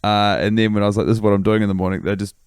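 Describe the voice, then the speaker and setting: A man co-hosting a podcast, telling stories with dry, deadpan humor. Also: lowish voice, rapid-fire, smooth, dry recording. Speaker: podcast co-host. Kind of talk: casual chat.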